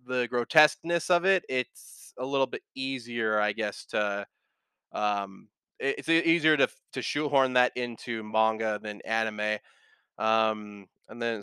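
Bright, clear-voiced man rambling casually. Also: medium pitch, no room sound. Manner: rambling, many restarts and fillers, casual swearing. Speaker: podcast host. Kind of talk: casual chat.

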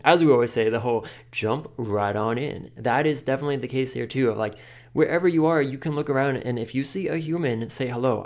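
A man hosting a podcast, giving casual advice in a chatty way, full of "like" and quick laughs. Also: medium pitch, gravelly, a little mellow. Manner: chatty, filler-heavy with frequent "like", laughs often. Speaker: podcast host.

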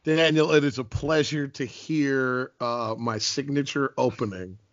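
A chatty man from the United States, in his forties, talks easily as a podcast guest, with frequent laughs and restarts. His voice sits at a middling pitch. It comes through dry and a little dull, like a lo-fi remote call. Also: steady tone, unhurried, dry recording. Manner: chatty, laughs often, many ums and restarts. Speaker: guest, team TV host and courtside reporter. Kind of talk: casual podcast interview.

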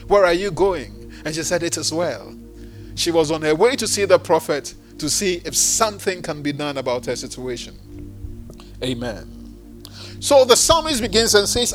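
A man preaching a sermon, reading scripture aloud with rising and falling emphasis. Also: sits high. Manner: expressive preaching, reads scripture aloud with swells and drops.

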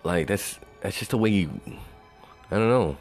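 A man's voice: low-pitched, animated, moderate pace, darkish tone, faint music behind. A man talking in a loose, rambling monologue, swearing freely and saying "you know" over and over. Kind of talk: casual monologue.

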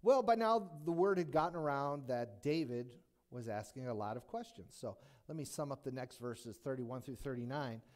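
A man's voice: medium pitch, normal speed, few pauses. A male pastor preaching a sermon, retelling a Bible story with jokes and many rhetorical questions. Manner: animated, joking, rhetorical questions.

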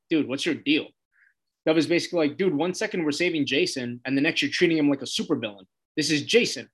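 Guy recapping a tv episode, kinda high voice, super casual, keeps going "and he's like". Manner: loose retelling of scenes, quoting characters with "he's like".

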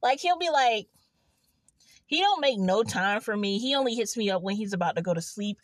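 A woman's voice: medium pitch, animated, normal speed, no echo. A young woman vlogging casually from a car in an empty parking lot, rambling and laughing as she tells a story. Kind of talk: casual confessional vlog.

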